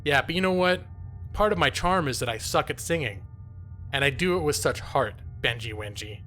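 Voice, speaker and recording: A man's voice: medium pitch, lively intonation, normal speed, fairly bright tone, faint music behind. A man streaming a video game live, chatting casually in a jokey, self-mocking way and laughing often. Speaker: gaming streamer and lawyer.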